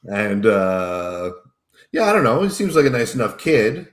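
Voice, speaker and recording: A man's voice: on the low side, very animated, a little slow, reverberant. A man chatting from home on a show, with dry, self-mocking humor. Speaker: show regular. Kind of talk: casual chat.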